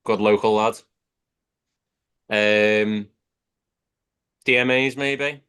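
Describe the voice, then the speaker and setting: A man on a fan podcast panel who talks in a blunt, sweary way. His voice is on the low side and smoothly resonant, and he sounds at ease in the casual chat. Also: fairly even intonation, very slow, fairly bright tone.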